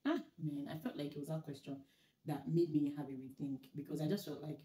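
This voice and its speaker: A woman hosting her own vlog, telling stories in animated casual chat with frequent laughter. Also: deep voice, a little fast. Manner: animated storytelling, laughing often. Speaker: vlogger host. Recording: echoey room.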